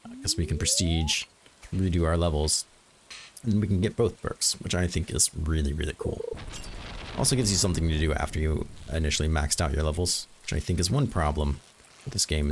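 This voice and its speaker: A man's voice: a bass voice, vocal fry, slight background noise. A man casually commentating a farming game as he plays, thinking aloud and dropping dry, self-mocking jokes. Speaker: gaming channel host. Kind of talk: casual let's-play commentary.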